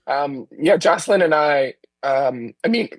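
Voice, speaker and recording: Male director, husky, tired voice, somewhat high, dry sound. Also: a little slow, no room sound. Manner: relaxed, thoughtful, with fillers. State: losing his voice. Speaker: film director. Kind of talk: Q&A answers over video link. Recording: remote video call audio.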